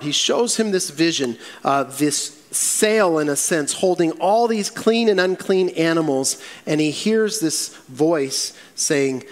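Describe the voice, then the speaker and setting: A male pastor preaching a sermon, acting out Bible quotes in a lively way. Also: high-pitched, long reverb tail.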